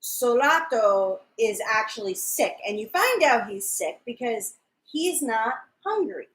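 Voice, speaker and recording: Slow-talking woman in an echoey room. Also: on the high side, big pitch swings, a bit bright. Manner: chatty, recaps scenes with quoted lines. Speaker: podcast co-host. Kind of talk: casual fan discussion livestream.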